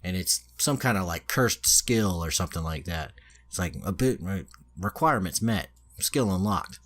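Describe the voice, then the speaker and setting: A man's voice: low-pitched, expressive, moderate pace, a bit bright. A man on a podcast casually retelling a story, swearing freely and loose with fillers. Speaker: podcast host. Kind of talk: casual chat, retelling an anime plot.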